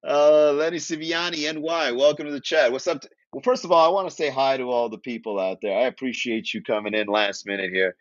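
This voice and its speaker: A man's voice: medium pitch, fairly even intonation, fairly quick, hardly any pauses, dry recording, dull audio. Joking man hosting a comedy livestream. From Miami. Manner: joking, laughs at own jokes, chats with viewers. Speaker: comedy podcast host. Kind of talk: casual comedic livestream monologue.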